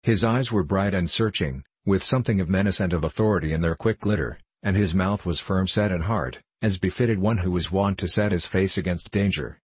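A man narrating an audiobook in an even, measured reading. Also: low-pitched, husky, no echo.

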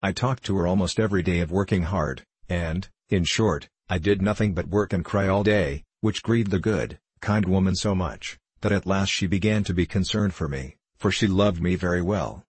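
A man narrating an old novel in a measured, steady way. His voice is very deep with a husky edge. The recording is close and dry. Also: no echo. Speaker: audiobook reader.

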